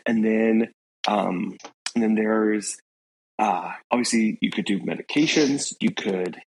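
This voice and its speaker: A man co-hosting a podcast, giving casual practical advice and listing options in a relaxed way. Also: on the low side, slow pace, a little hiss or hum, poor audio. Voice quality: gravelly and husky.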